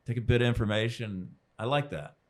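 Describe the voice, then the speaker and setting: A man's voice: mid-range voice, brisk. Casting: male comedian guest, loose storyteller, curses freely, mid-range voice. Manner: rambling, self-deprecating storyteller, swearing freely. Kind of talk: casual podcast chat.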